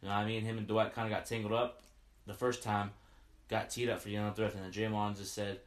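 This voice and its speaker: A man runs through a game recap the way an eager fan does, piling up stats and asking "you know what I mean?" again and again. His voice sits fairly low. He speaks in a room with a clear echo. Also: little pitch movement, fast. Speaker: sports podcaster recapping a game.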